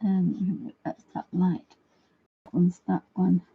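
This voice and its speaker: Speaking slowly and flatly in a low, creaky, husky voice, a woman leads a casual live painting lesson as art tutor and livestream host. She chats with viewers through friendly asides and frequent restarts in this laid-back craft demo. The audio is narrow and tinny.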